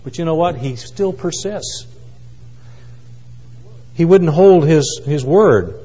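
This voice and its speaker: Male preacher, dramatic loud-to-hushed delivery, long hall reverb, muffled sound. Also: on the high side, lively intonation, slow pace, breathy edge. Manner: dramatic swings from loud cries to hushed asides. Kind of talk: sermon.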